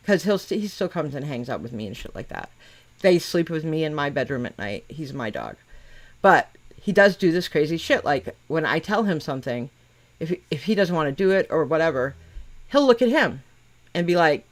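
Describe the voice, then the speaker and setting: A deep, animated voice at a moderate pace belongs to a middle-aged woman podcast host. Running a casual chat, she is blunt, relentlessly profane and fond of teasing the others.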